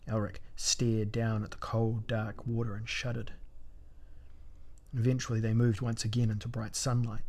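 A man narrating a fantasy battle story in a measured, dramatic audiobook reading. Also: lowish voice, level tone, a little mellow.

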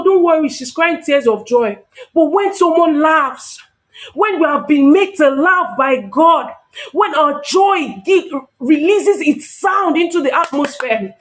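A man preaching a sermon with impassioned fervor, building to shouted praise and prayer in tongues. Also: very high voice.

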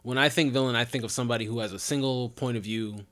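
A man in a casual book discussion, lively and quick to chime in with agreement. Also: mid-range voice. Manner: lively, frequent agreeing interjections. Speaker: book club member.

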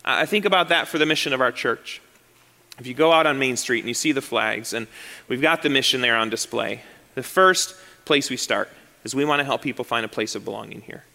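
A man's voice: mid-range voice, a little fast, gravelly, bright, forceful tone, big-room sound. A male pastor preaching a sermon to his congregation, repeating key phrases and asking rhetorical questions. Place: church sanctuary.

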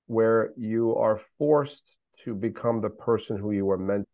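Emphatic middle-aged man, low dry voice. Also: unhurried, vocal fry, no room sound, narrow, tinny audio. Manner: emphatic, repeats himself, swears when frustrated. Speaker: podcast guest, special needs father. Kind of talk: candid conversational interview.

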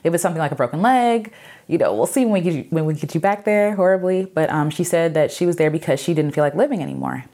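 Low-voiced woman telling her story. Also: animated, quick pace, warm tone. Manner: earnest, reflective, many fillers and repeated phrases. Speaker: vlogger sharing her own story. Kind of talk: personal testimony to camera.

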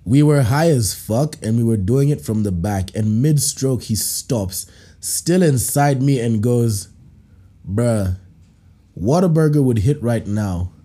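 A man hosting a podcast, reading out listener stories and reacting with animated laughter and playful put-on voices. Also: mid-range voice, slow. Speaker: podcast host.

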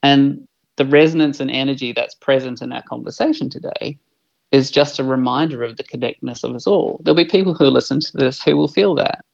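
A man's voice: mid-range voice, a little fast, creaky, lo-fi sound. A man, an earnest and reflective podcast guest who swears freely. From New Zealand. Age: 40s. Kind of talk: podcast conversation.

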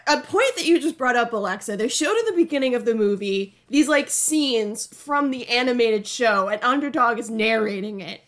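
A woman's voice: a little high, lively intonation, normal speed, hardly any pauses, a bit bright. A woman co-hosting a casual podcast over a voice call, curious and quizzical, always asking questions. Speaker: podcast co-host.

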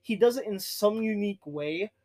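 A man's voice: sits high, normal speed, mellow. A man chatting eagerly, jumping in and restarting his sentences often. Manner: eager, talks in restarts and fillers. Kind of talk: casual chat.

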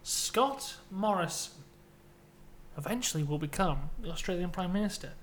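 British podcast co-host, dry storyteller, spins silly tall tales. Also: male voice, sits high, normal speed, slight background noise. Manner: playful, deadpan tall tales. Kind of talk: comic storytelling.

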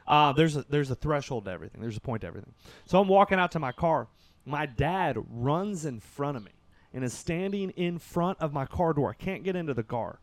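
A man from Kentucky tells a story as a podcast guest, his voice lifting and dropping with lively swings in pitch. He moves between loud bursts and hushed stretches. The sound is dry and close. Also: fairly quick, no room sound. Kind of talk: casual storytelling.

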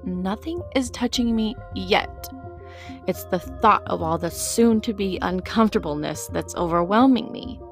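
A woman's voice: medium pitch, unhurried, faint music behind, close to an everyday voice. A woman voicing an anxious, overwhelmed young woman who speaks in a plaintive, whiny way.

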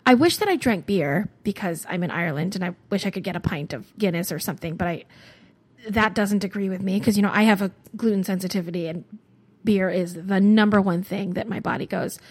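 A chatty woman co-hosting a podcast, talking casually with a friend. Her voice is husky, and she laughs easily and slips into playful little voices mid-story. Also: medium pitch, fairly quick, darkish tone. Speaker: podcast co-host. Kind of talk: casual chat.

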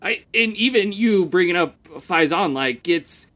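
A man playing Tarzan as a rambling, easily distracted father in an improvised comedy podcast, talking haltingly with many fillers. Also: high voice, animated, fairly bright tone.

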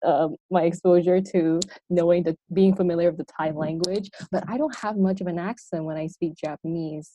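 Mellow-voiced American woman chatting. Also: fairly low pitch, fairly even intonation, moderate pace, few pauses, a little hiss or hum, rough recording. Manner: reflective, talks in long winding sentences with restarts. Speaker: podcast co-host. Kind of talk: casual chat.

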